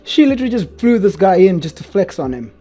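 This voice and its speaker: A man giving casual, mocking reaction commentary as he recaps a show, chatty and quick to laugh. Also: high voice, sing-song, over music.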